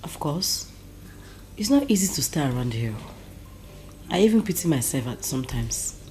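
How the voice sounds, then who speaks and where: An actress with a Nigerian accent playing a weary, resigned palace wife. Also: female voice, deep voice, sing-song, moderate pace, darkish tone, a little hiss or hum. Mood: friendly.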